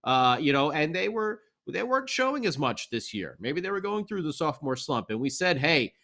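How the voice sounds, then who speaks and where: A man's voice: on the high side, very animated, a little fast, a bit bright. A man co-hosting a sports podcast, giving an enthusiastic, rambling game recap. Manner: rambling, enthusiastic, fan banter. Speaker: podcast co-host.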